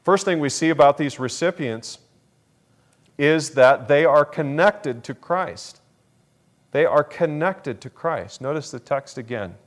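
A male pastor delivers a sermon in a slow, deliberate cadence, leaning on repeated phrases for emphasis. His voice sits a little high for a man, and he takes his time between words. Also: expressive.

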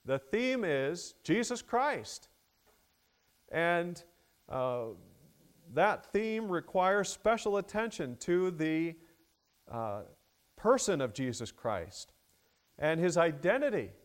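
Slow, measured male preacher. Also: high voice, very animated. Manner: slow, measured delivery with many fillers, rising emphasis on key words. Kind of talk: expository sermon.

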